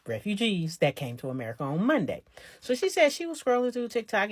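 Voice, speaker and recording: A woman's voice: lowish voice, no room sound. A woman chatting casually, in a gossipy storytelling way. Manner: chatty and gossipy, Southern US dialect grammar. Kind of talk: casual chat.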